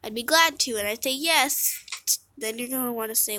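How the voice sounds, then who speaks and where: A woman giving casual let's-play commentary, mumbling to herself while playing, with sudden loud dramatic outbursts, recorded on a phone microphone. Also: on the high side, a little fast, a little hiss or hum. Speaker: game video creator. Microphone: phone microphone during screen recording.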